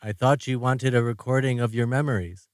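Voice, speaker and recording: Formal, literal male AI voiced by a man for an audiobook; quiet and even, dry close recording. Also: mid-range voice, fairly quick, dry recording, voice pushed down, natural voice. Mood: calm questioning. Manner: formal, polite, literal phrasing without contractions.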